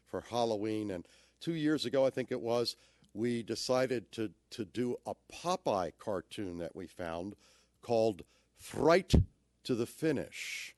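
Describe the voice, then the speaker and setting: A man lecturing about description, playful and theatrical as he demonstrates how delivery changes meaning. His pitch swings widely. The sound is close and dry. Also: expressive, a little slow, darkish tone, no echo. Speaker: audio describer giving a talk.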